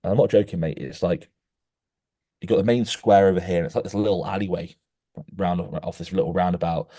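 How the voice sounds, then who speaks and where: This young co-host has a low voice, captured in a dry, studio-quality recording. His long, animated podcast anecdote is full of restarts and repeated uses of "mate."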